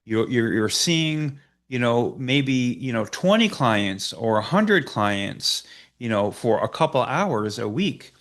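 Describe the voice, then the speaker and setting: Lively-voiced man coaching with many uh's. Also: medium pitch, takes it slowly. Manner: hesitant, frequent "uh" fillers and restarts. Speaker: business coach. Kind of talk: slide presentation.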